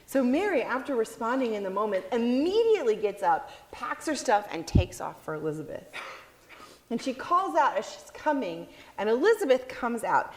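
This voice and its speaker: A woman preaching a sermon, telling a story with expressive delivery and acting out the people in it. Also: fairly high pitch, moderate pace, in a large hall.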